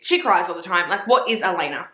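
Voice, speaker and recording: A young woman vlogging in a casual chat, gushing and swearing a lot as she talks excitedly. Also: on the low side, quick pace. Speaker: vlogger reviewing TV series. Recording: echoey room.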